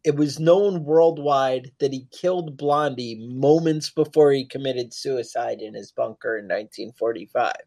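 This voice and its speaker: A man's voice: medium pitch, normal speed, hardly any pauses, mellow. A man co-hosting a podcast, talking casually in rambling, joking asides. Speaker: podcast co-host.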